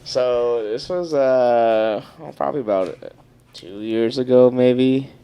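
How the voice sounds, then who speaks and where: A young man, telling a story on a casual podcast, animated and swearing often. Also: medium pitch, slow, clear, resonant tone. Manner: animated, swears a lot, acts out quotes loudly. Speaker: podcast co-host.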